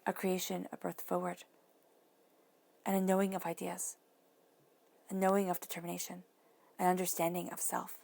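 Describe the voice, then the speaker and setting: A woman giving a tarot reading, talking soothingly and dropping now and then to soft whispers. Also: fairly low pitch, monotone, normal speed, gravelly, long pauses. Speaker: tarot reader.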